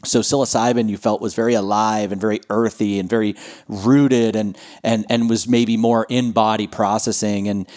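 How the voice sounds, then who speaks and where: A man's voice: lowish voice, level tone, moderate pace, darkish tone. A man co-hosting a podcast, affirming his guest and recapping her story in a conversational way, with many restarts. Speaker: podcast co-host. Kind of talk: conversational interview.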